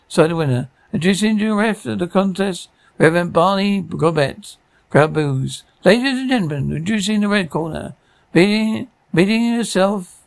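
A man playing a brash male wrestling ring announcer, calling out the bout in drawn-out, booming phrases. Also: creaky, dry recording.

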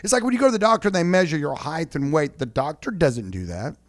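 A man's voice: fairly high pitch, animated, fast talker, no room sound. Chatty man co-hosting a business show. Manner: chatty, enthusiastic reactions. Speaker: co-host, doctor and business owner. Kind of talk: casual business talk show banter.

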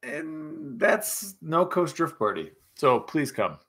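A tipsy man chats with his viewers in a loud, joking, profane way. His voice is gravelly and swings widely up and down as he gets worked up. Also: fairly high pitch, slow pace. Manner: rowdy, profane, excitable, joking. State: tipsy from scotch. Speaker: livestream host. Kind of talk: casual chat with chat viewers.

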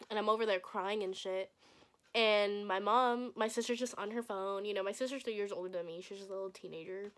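A young woman vlogger telling a personal story in a casual, blunt, profane way, acting out what people said. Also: mid-range voice. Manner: profane, blunt, acts out quoted voices.

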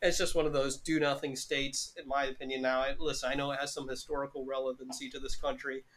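A man's voice: mid-range voice, flat delivery, quick pace, a bit bright. A man co-hosting a podcast in casual chat, ranting with lots of profanity. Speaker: podcast co-host.

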